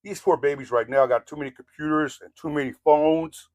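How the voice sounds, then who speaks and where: A man's voice: a little high, fairly quick, darkish tone, dry recording. Blunt, profane Samoan-Californian man ranting. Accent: Samoan-influenced Southern California. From Southern California. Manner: blunt, rude and profane, preachy; rambling with frequent "you know what I mean". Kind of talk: ranting monologue.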